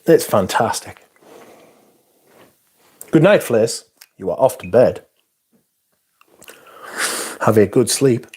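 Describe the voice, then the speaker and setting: A man with a mid-range, slightly rough and a little mellow voice hosts a casual fragrance-review livestream. He's animated but slow, with long pauses, rambling through profane, crude jokes, reading viewer comments aloud, and restarting often.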